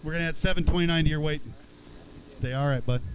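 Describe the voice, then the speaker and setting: A man's voice: a little high, fast, background noise. A man emceeing an outdoor fishing weigh-in, announcing weights and chatting chummily with each angler. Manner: upbeat, chummy, calls anglers bud. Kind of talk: live announcing with banter.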